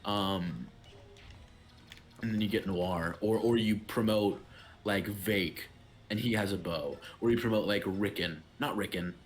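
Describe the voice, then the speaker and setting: Young dude rambling about a game, lots of likes and ums, easygoing chat. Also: male voice, fairly low pitch, measured pace, faint music behind. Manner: rambling, heavy use of filler words. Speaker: gaming channel host. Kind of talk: casual let's-play chat.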